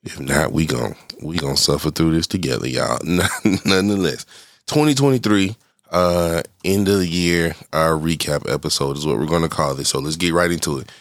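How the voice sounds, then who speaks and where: Middle-aged male podcast host with a cold, very deep and stuffy voice. He rambles casually and cuts himself off. Dry and close, with no room sound. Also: moderate pace, dry recording. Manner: rambling and loose, self-interrupting. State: congested. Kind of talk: casual solo podcast chat.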